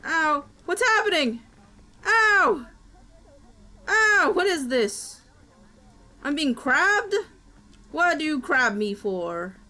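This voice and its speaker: A bright, high-voiced woman live-streaming a game with friends. Her pitch leaps all over the place as she hams it up with theatrical shrieks and playful wails. Between the outbursts she talks at an unhurried pace. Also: sing-song. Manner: dramatic, playful, shrieks and wails in mock panic.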